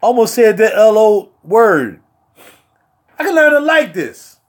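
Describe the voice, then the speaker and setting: A man's voice: high-pitched, big pitch swings, slow pace. A man hosting a casual livestream, joking and talking in slangy street talk with playful outbursts. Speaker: fragrance reviewer and livestream host.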